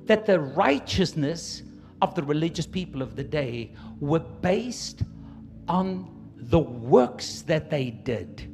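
A man preaching a sermon to his church, swinging from quiet asides to loud emphatic peaks. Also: fairly high pitch, very animated, takes it slowly, creaky, faint music behind. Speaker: pastor.

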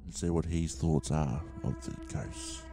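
A man's voice: very deep voice, fairly even intonation, measured pace, music in the background. An Australian man hosting a podcast, telling a story in a rambling, casual way with lots of fillers and swearing. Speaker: podcast host.

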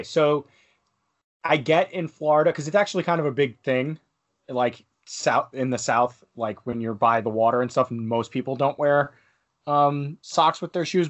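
A man's voice: a little high, highs cut off. A man co-hosting a casual wrestling chat, rambling and full of fillers. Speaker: podcast co-host.

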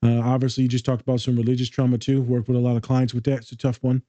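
A man's voice: medium pitch, monotone, rapid-fire, dark tone, no room sound. A man co-hosting a casual podcast as a therapist, talking in a laid-back, jokey way with plenty of slang. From Chicano, grew up in the US.

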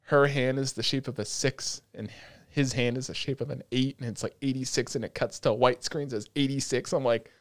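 A man hosting an anime podcast in casual chat, excitable and profane, laughing often. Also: mid-range voice, brisk, few pauses, no room sound, clean studio sound. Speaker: podcast host. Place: at home, talking over Discord.

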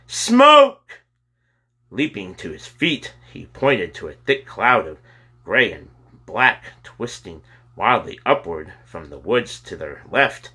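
Man narrator for a kids' chapter book: slow, animated, bright husky tone. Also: low voice. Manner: lively storytelling, bursts into loud character shouts. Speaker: storybook narrator. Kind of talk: reading a children's chapter book aloud.

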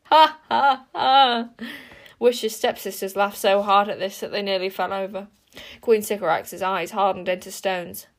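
A woman narrating a children's fantasy book aloud, lively and expressive, with chatty asides to the listener. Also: mid-range voice, moderate pace. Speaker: audiobook reader. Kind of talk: storybook narration.

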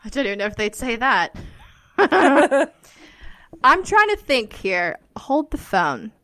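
A woman's voice: high voice, very animated, slow, a bit bright, no room sound. A woman co-hosting a podcast, chatting in a rambling way and laughing often. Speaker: podcast co-host. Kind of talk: casual chat.

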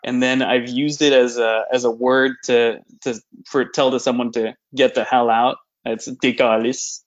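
A man explains slang in a relaxed, hesitant way during a casual podcast chat. His voice sits at a middle pitch. The audio is slightly dull and lo-fi. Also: measured pace.

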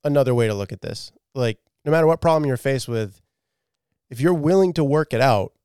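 A man's voice: medium pitch, animated, brisk, a little mellow, clear, resonant tone, no room sound, clean studio sound. Profane laid-back man on a podcast. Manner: casual, profane, laughs often. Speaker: podcast co-host. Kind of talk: casual podcast chat.

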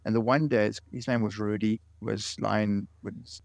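A man's voice: fairly low pitch, fairly even intonation, moderate pace, vocal fry, darkish tone, dry recording. A man in his late forties, a guest in an interview, telling stories earnestly and often repeating words. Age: late 40s. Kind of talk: interview conversation.

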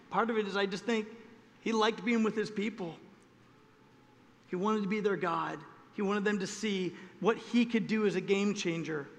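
Male pastor, high-pitched, dramatic sermon delivery with loud-soft swings, long church reverb. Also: creaky.

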